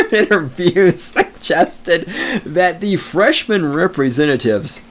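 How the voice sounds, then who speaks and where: A man's voice: a little high, gravelly. A male podcast host reading news stories and mocking them with crude jokes, often breaking into laughter. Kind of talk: sarcastic news commentary.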